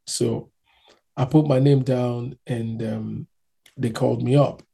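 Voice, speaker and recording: A man's voice: mid-range voice, steady tone, slow pace, creaky, mellow, husky. A man from Nigeria telling his own story in casual chat, acting out other people's voices as he goes.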